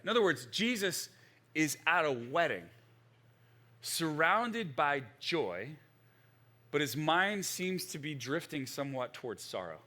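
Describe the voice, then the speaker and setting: A middle-aged male pastor preaching a sermon in a conversational, animated way, with frequent restarts. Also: a little high, a little slow.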